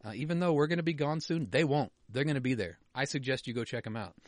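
A man's voice: medium pitch, fast talker, no room sound, studio quality. A man co-hosting a podcast, joking and swearing as he reads listener emails. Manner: joking, sweary, drops into a mutter. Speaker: podcast co-host. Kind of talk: casual banter, reading listener emails.

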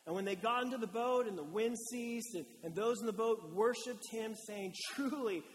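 High-voiced male preacher in a reverberant hall. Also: moderate pace. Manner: conversational and animated, acting out quotes. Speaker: pastor. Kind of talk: sermon.

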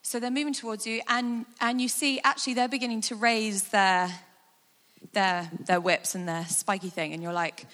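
A woman speaker giving a guided imagination talk, animated and conversational with frequent fillers. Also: a little high, moderate pace. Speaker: church speaker. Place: large hall with a sound desk. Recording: long hall reverb.

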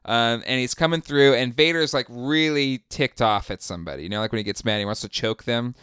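A man's voice: mid-range voice, fairly quick, a bit bright, clean tone, no room sound, studio quality. A man co-hosting a podcast in casual chat, rambling with lots of fillers and frequent laughter. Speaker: podcast co-host.

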